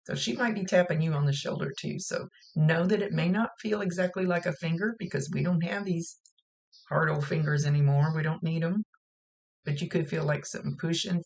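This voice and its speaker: Gravelly-voiced woman psychic medium. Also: deep voice, a little mellow. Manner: chatty, relays spirit messages plainly. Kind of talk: recorded psychic reading monologue.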